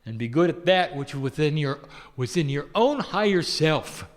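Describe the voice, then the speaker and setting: A man channeling an ancient loving spirit entity that addresses listeners tenderly, asking rhetorical questions and chuckling softly. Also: on the high side, lively intonation, normal speed, lightly acted. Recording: long hall reverb.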